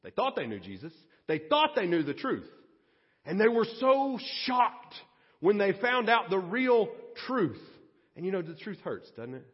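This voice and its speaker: A male pastor delivers a sermon with dramatic swings from near-shouts down to hushed, low lines. His voice sits high for a man and is a bit husky. The audio is dull and lo-fi, with a long reverb tail from the sanctuary. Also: big pitch swings, a little slow.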